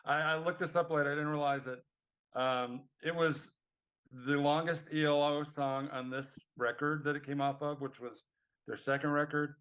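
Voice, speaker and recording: A man's voice: on the high side, steady tone, normal speed, fairly bright tone, smooth. Hesitant middle-aged man chatting. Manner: rambling, hesitant, many ums. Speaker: podcast co-host. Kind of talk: casual chat.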